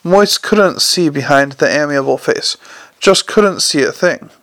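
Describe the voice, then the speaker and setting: A man reading a comic novel aloud as narrator, in a dry, measured storytelling manner. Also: a little high, a bit bright, no echo. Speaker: audiobook narrator. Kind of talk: scripted narration.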